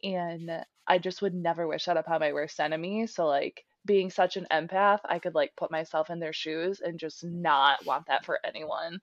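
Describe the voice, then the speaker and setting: A woman's voice: fairly low pitch, steady tone, normal speed, few pauses, no echo. A young woman co-hosting a podcast, candidly telling a personal story of loss, full of "like" fillers. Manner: frequent "like" fillers, candid and earnest. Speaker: podcast co-host. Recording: dull dry podcast audio.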